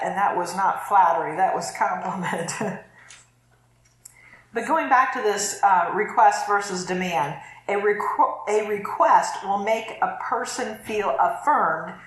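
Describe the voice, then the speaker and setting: A middle-aged woman pastor giving a chatty, conversational sermon and laughing easily. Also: medium pitch. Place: church sanctuary. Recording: echoey church room.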